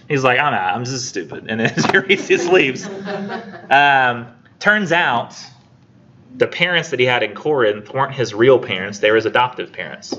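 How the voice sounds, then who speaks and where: In a muffled classroom recording with faint noise, a man with a medium-pitched voice, lively intonation, and a sharp tone gives a casual college English lecture. He's chatty, retelling the story and acting out the characters' lines in quick voices.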